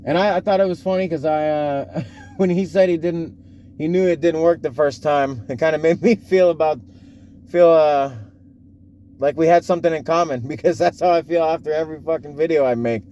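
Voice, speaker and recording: Rambling man, dark mellow voice. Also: a little high, fairly quick, lo-fi sound, a little hiss or hum. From Florida. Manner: rambling, many fillers and restarts, swears casually, laughs often. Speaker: podcast reaction host. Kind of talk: casual solo rambling. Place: home in a snowy northern area.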